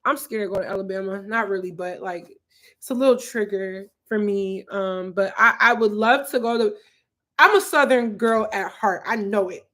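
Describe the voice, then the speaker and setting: A Philadelphia woman in her twenties, speaking with a sharp tone at medium pitch, hosts a YouTube livestream from her apartment. She reads viewer comments aloud and chats in a loose, wandering way, leaning on "like" and "um."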